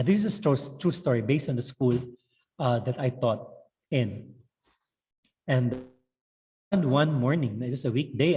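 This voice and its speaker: A man's voice: mid-range voice, mellow, in a large hall, low-quality recording. Visayan-accented man lecturing teachers. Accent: Filipino, Visayan. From Philippines. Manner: switches between English and Tagalog, frequent "okay" and "no?" tags. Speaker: teacher trainer.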